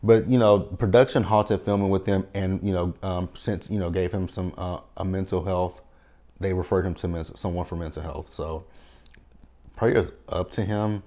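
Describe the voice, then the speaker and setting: A man hosting a casual recap, chatty and quick to laugh, swearing freely. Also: sits low, fairly even intonation, warm tone, muffled recording. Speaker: recap host.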